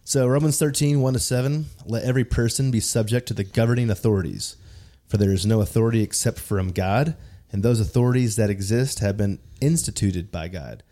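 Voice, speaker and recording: A man's voice: on the low side, a little fast, dark tone. A man on a discussion podcast reading a passage aloud, breaking off into playful, jokey asides.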